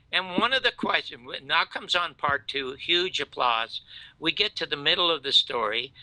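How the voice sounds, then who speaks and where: An older man telling stories in casual chat, animated, jumping from loud outbursts to hushed asides, with a gravelly voice. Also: fairly high pitch, no room sound, low-quality recording. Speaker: show host telling stories.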